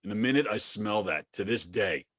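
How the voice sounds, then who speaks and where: Relaxed teasing man hosting, dry sound. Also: lowish voice, normal speed, no room sound. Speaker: podcast host. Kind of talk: casual podcast chat.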